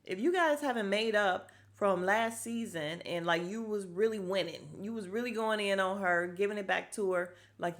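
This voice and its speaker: Sassy woman recapping reality TV. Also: mid-range voice. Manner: sassy, blunt, swears freely; animated, acts out the cast's lines. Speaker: podcast host. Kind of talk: casual TV recap chat.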